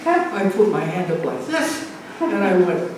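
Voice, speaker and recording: At an art show event in a community center gallery, an older woman with a fairly low voice and big pitch swings tells a live audience a playful childhood story, unhurried and laughing through her punchlines. The recording is echoey and distant, with faint noise.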